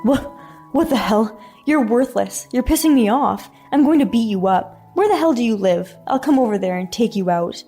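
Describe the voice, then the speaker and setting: A woman voicing an abusive grown man who yells insults and threats at his family. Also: medium pitch, fast talker, few pauses, soft background music, lightly acted. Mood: shouting. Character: angry bullying grown man, abusive brother.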